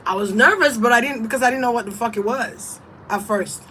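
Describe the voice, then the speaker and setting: A woman's voice: a little high, fairly quick, sharp tone, a little hiss or hum, poor audio. A woman reading tarot and giving casual spiritual advice in a blunt, emphatic, profane way. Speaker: tarot reader.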